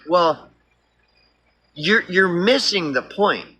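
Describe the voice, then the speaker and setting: A man's voice: high-pitched, measured pace, bright, forceful tone, slight background noise. A man with an Oklahoma accent, rambling through a profane, casual political monologue.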